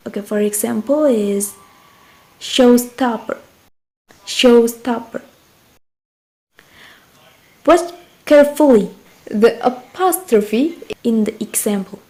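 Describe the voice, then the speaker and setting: Young woman, Indonesian accent, student presenter, patient lesson, mellow tone, slightly high. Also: expressive, measured pace, low-quality recording. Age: young adult. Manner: patient, addresses the viewer directly. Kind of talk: explanatory lesson.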